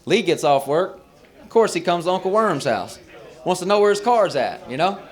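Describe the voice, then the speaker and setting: A man's voice: high voice, expressive, normal speed. A man doing a brash, profane stand-up set at an open mic on a bar stage. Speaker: stand-up comedian.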